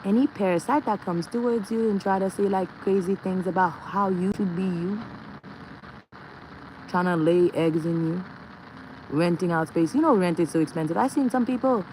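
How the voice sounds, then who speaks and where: A woman with a lowish voice talks to her viewers in an earnest, meandering way, circling back over her own phrases. She sounds like someone musing out loud on a livestream. Faint traffic hums behind her. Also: normal speed, poor audio. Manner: earnest, drifting, repeats phrases. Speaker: livestreamer reading viewer comments. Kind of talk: rambling spiritual musing.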